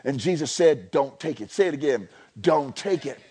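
A high-voiced man preaches to a congregation in a church service, pulling them into call-and-response. He drops to a hushed, low delivery and then climbs back up to ringing shouts. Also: animated, normal speed, breathy edge. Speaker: pastor. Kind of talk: sermon.

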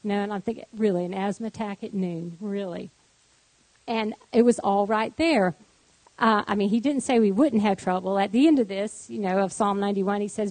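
A woman tells her faith testimony as a guest. She speaks in an animated storytelling way, and the sound is dry and close. Her voice sits at a middle pitch. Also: normal speed, no echo, low-quality recording. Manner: animated storytelling, voice rising high in acted quotes, laughing.

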